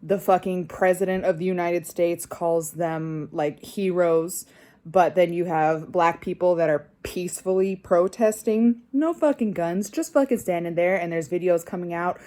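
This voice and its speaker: A woman's voice: lowish voice, moderate pace, a little mellow. A young woman vlogger delivering an angry personal rant, swearing constantly and getting more heated.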